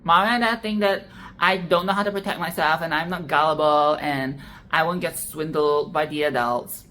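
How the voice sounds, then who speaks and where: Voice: medium pitch, fairly even intonation, moderate pace, bright, forceful tone, a little hiss or hum. Sassy, swearing film commentator. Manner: sassy, profane, tags "okay?" onto lines; rambling with frequent restarts and laughs. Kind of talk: casual film commentary monologue.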